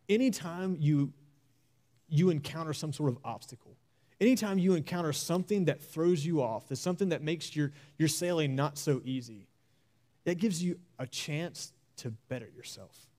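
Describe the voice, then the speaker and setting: A young man delivers a sermon with earnest, exhorting energy, leaning on slow, emphatic repeats. His voice sits a little high for a man, yet its tone is dark and mellow. He talks plainly, with the odd filler, in the way of a preacher speaking to his congregation.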